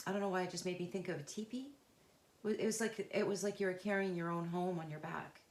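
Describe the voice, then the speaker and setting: Feeling her way through the cards, a tarot reader speaks off the cuff, pausing and starting over as she searches for words. Her fairly low voice keeps a fairly even intonation and sounds earnest and invested, with a noticeable room echo around it.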